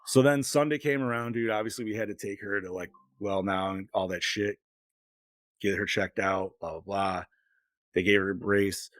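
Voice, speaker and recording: The same sort of profane, rambling storytelling comes from a middle-aged man co-hosting a podcast in casual conversation. His voice is on the low side and a bit bright, with fairly even intonation, normal speed, and no echo.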